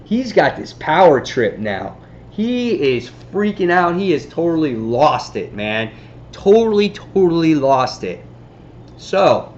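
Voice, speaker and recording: A man casually reviewing a comic book on his vlog, excitably retelling the story. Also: medium pitch, dull audio, a little hiss or hum.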